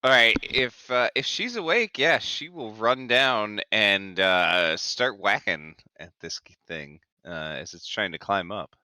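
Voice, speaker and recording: A man's voice: on the low side, animated, takes it slowly, hardly any pauses, pushed and bright, clear, resonant tone, no room sound. A man playing in a tabletop game, talking unhurriedly and hesitantly with fillers. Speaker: player. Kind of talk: casual tabletop play.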